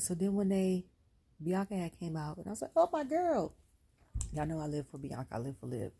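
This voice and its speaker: A woman's voice: fairly low pitch, creaky, husky. A woman, a parent, giving a casual, blunt, slangy rant as a wrestling show reviewer. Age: adult with a son. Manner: animated, blunt, slangy ranting. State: near tears. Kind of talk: casual ranting commentary.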